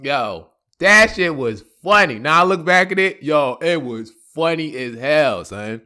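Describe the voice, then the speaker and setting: A man's voice: on the high side, unhurried. A man telling a personal story in a casual, slangy vlog, laughing often. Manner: animated, slangy, laughing a lot.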